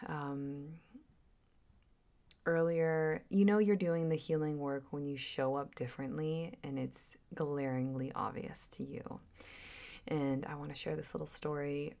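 A woman vlogger and mother talking in a casual, reflective monologue that rambles and drifts into soft whispered asides. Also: low-pitched, creaky.

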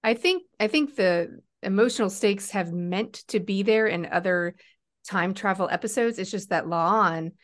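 A woman's voice: medium pitch, a little slow. A woman co-hosting a fan podcast, chatting in a wry, candid way. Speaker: podcast co-host. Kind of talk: casual fan chat.

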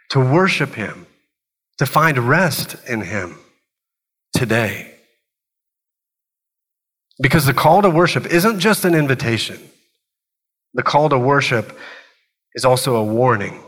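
Earnest pastor guy preaching, bright tense voice, big echoey church hall. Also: mid-range voice. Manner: earnest, speaks in short repeated phrases. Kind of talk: sermon.

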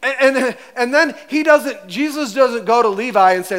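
Animated high-voiced male pastor. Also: normal speed, few pauses. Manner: animated, conversational, acts out voices. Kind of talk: sermon.

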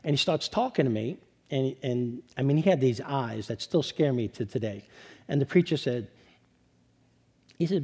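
A middle-aged man with a New York accent, a pastor telling his testimony to a congregation, lively when joking and low and quiet when serious. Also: normal speed, husky. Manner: animated storytelling, turning low and quiet for serious parts. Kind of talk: sermon testimony.

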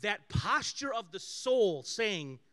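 A male pastor delivers a conversational sermon full of personal stories, swinging animatedly from loud bursts to hushed asides. His voice is high-pitched and his pace is slow.

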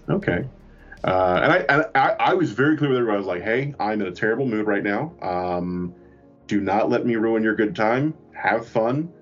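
A man with a lowish voice tells a rambling, profane story at an easy pace. The recording sounds a little dull and lo-fi, with faint music underneath. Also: moderate pace. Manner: rambling, profane, self-mocking. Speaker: podcast co-host. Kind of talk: casual storytelling.

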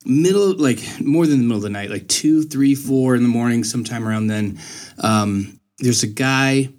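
A young man in casual chat, telling a story in an animated way and jumping up in pitch when he quotes people. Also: moderate pace. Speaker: storyteller in conversation.

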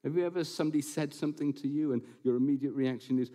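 A pastor with a slightly high voice preaches a sermon to his congregation inside a church building. He's animated and quick to work in jokes and asides.

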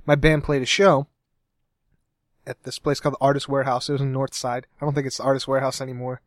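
A man's voice: medium pitch, flat delivery, fast, no echo. A young man from Cincinnati chats casually as a podcast co-host, rambling and restarting his sentences. His voice sits mid-range and is recorded close and dry, with no room around it. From Cincinnati, USA. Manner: rambling, self-correcting, laughs often. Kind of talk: casual chat.

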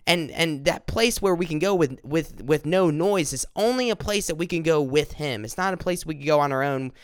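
A man from upstate South Carolina, giving an earnest, informal devotional talk that slows down and repeats words when he reads scripture. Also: fairly high pitch, clean tone, no echo, clean studio sound. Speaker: devotional speaker.

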